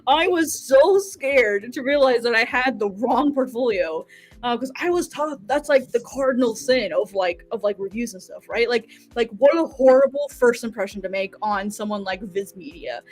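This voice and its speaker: An American woman, a manga artist, telling a story in a casual interview, animated and full of "like"s, laughing often. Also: on the high side, moderate pace. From United States.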